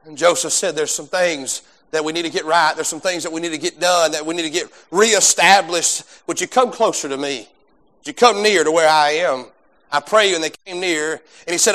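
A man preaching a sermon, swinging between loud drawn-out emphasis and quiet folksy asides. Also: fairly high pitch. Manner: folksy, self-deprecating asides. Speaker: pastor.

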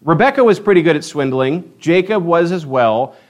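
A man preaching a sermon, telling the story in a lively, playful way and acting out the quotes. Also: on the high side, moderate pace. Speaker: pastor.

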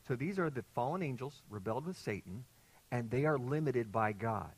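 A man preaching an expository sermon to his congregation, teaching earnestly, quizzing his listeners and surging louder on key points. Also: medium pitch, husky, low-quality recording. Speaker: pastor.

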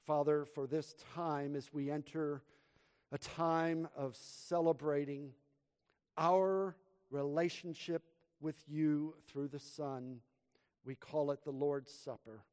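A pastor preaching a sermon and praying from the pulpit of a church, with dramatic swings between loud emphasis and hushed, quiet lows. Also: male voice, fairly even intonation, slow. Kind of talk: sermon and prayer. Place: church sanctuary. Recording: long hall reverb from church.

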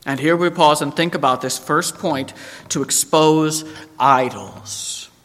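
A man preaching a sermon, animated and emphatic, quoting scripture and acting out the story. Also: fairly high pitch, slow, long reverb tail. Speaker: pastor.

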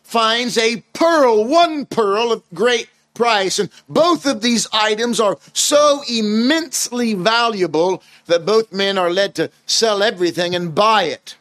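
A man's voice: high-pitched, takes it slowly, hardly any pauses, a bit bright, dry recording. A man preaching a sermon in an earnest, emphatic way, asking his listeners rhetorical questions.

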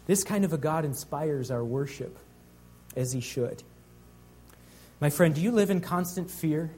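High-voiced earnest male preacher. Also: a little mellow. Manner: earnest preaching, slows and swells on key phrases. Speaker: pastor. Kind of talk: sermon.

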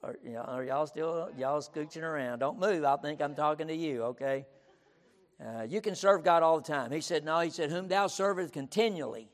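A male pastor preaches a sermon in a reverberant auditorium, his voice a little high and his speed normal. He's emphatic, repeats his points, and keeps breaking in with "listen."

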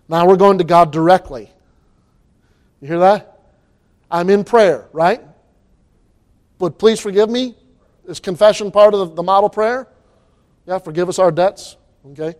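A man preaching a sermon, animated and reading scripture aloud in old-fashioned wording. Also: sits high, normal speed. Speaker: pastor.

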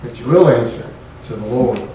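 A man's voice: mid-range voice, animated, moderate pace, warm tone, a little hiss or hum. A man preaching a sermon in a folksy way, rising to emphatic points. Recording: echoey room, voice from far off.

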